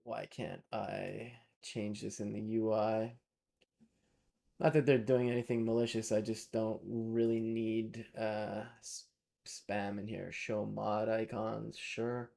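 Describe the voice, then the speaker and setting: A man's voice: lowish voice, flat delivery, slow, gravelly, warm tone. A man, live-streaming while he codes, thinking aloud and chatting with viewers in a casual way.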